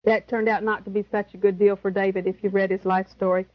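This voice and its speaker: A woman's voice: medium pitch, flat delivery, fast, muffled recording. A woman preaching a sermon, emphatic and chuckling, who repeats her key words.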